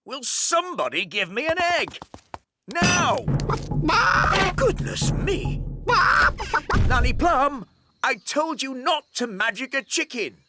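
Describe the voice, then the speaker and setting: A woman's voice: sits high, very animated, slow, pauses often, heavy background noise, heavily acted. An actress voicing a stern, commanding fairy queen in a children's cartoon, scolding and giving orders.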